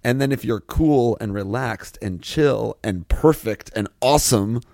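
A man co-hosting a podcast in casual comedic chat, teasing his partner with deadpan jokes and frequent laughs. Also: medium pitch, unhurried, gravelly, no room sound, clean studio sound. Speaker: podcast co-host.

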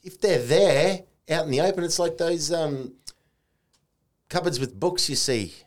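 Lively Australian man telling stories. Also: a little high, a little slow. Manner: animated storyteller, colourful slang. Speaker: podcast host. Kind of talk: casual chat.

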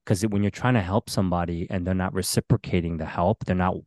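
Deep-voiced pastor, earnest and reflective. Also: male voice, fairly even intonation, fast talker, darkish tone, dry recording. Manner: earnest, reflective, many fillers and restarts. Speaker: pastor and podcast co-host. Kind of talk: casual podcast conversation.

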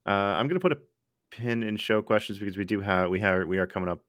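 Very deep man on a dry mic. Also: quick pace, no room sound. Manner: steers the talk, filler-heavy. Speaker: podcast host. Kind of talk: casual chat.

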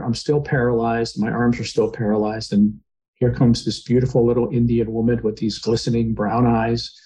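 A man's voice: mid-range voice, dark tone, low-quality recording. A man, a podcast guest, earnestly retelling a personal experience in conversation, sometimes getting emotional.

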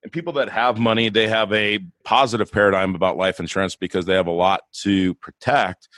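Low-voiced man hosting a podcast. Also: steady tone, fairly quick, a bit bright, no room sound. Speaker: podcast host. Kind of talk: casual podcast chat.

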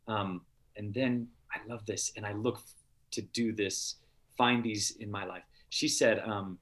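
A man as a podcast guest, telling a heartfelt story in an earnest way, with halting restarts. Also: lowish voice, fairly even intonation, a bit bright. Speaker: podcast guest, TV show star. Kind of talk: casual interview storytelling.

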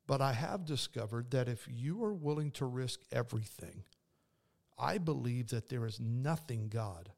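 A man's voice: mid-range voice, vocal fry, a little mellow. A man hosting a faith podcast, speaking earnestly and conversationally with frequent restarts. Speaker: podcast host and preacher. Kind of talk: devotional podcast talk.

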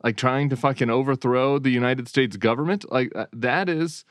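A man's voice: mid-range voice, moderate pace, no room sound, studio quality. A man co-hosting a political podcast, talking bluntly and with plenty of swearing. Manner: blunt, profane, animated. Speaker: podcast co-host. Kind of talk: casual political chat.

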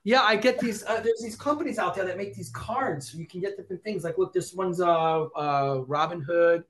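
A middle-aged man as a podcast guest, an excitable storyteller who acts out quotes in casual chat. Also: high voice, moderate pace. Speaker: podcast guest, former celebrity reporter.

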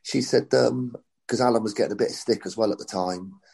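A man's voice: lowish voice, fairly quick, gravelly, darkish tone. A middle-aged man, a football coach, telling anecdotes in a chatty interview. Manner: chatty anecdotal storytelling, acts out quotes. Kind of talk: storytelling interview.

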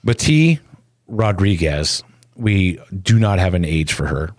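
A man narrating a somber news report in a solemn, measured way. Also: sits low, sing-song, no echo, clean studio sound.

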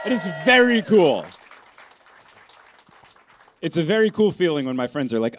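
Animated man hosting a live podcast. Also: sits high, a faint crowd. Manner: animated, quick, joking. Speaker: podcast co-host. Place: live show on stage.

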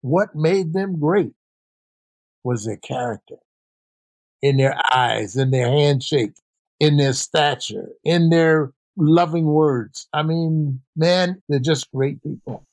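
An older man who once played and coached basketball tells stories in an interview answer, animatedly acting out the voices of the people involved. His voice is on the high side and slow, and the recording has no echo.

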